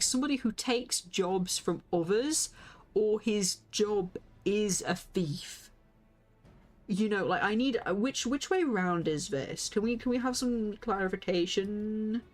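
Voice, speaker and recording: A woman, chatting excitably and giggling as she streams a game and talks to her viewers. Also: medium pitch, unhurried, soft background music. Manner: excitable, giggly, reacts aloud and chats with viewers. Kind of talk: casual live-stream game commentary.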